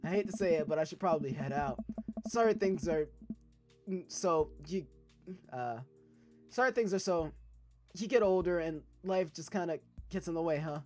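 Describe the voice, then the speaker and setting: With faint music in the background, a young adult reads a dating game's dialogue aloud for a let's play at a moderate pace. The medium-pitched voice is a little mellow, and the commentary riffs on the text in a loose, profane, laughing way.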